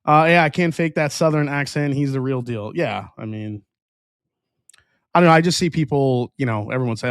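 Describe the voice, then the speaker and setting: A man's voice: medium pitch, animated, moderate pace, clear, resonant tone, no room sound. Easygoing man hosting a dry-sounding livestream. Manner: rambling, restarts often, reads chat aloud. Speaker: whiskey review livestream host. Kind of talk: casual livestream chat.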